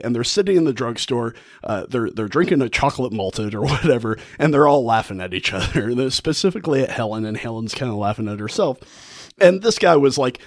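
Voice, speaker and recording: A man casually retells a story, full of enthusiasm and halting restarts. His pitch rises and falls widely, and the sound is close and dry with no room around it. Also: dry recording. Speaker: podcast host.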